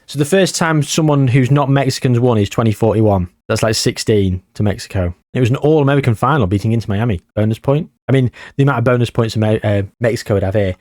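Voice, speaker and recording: A man's voice: mid-range voice, darkish tone, no echo, studio quality. A man hosting his own channel, giving chatty, jokey video game commentary with rambling asides. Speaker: YouTuber, host.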